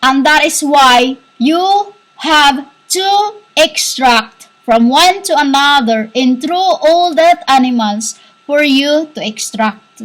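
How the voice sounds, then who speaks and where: A woman giving a rambling spiritual monologue, halting and repetitive, scolding her listeners as "humans". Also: sits high, lively intonation, a bit bright, low-quality recording. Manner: scolding, insistent. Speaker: self-styled spiritual teacher.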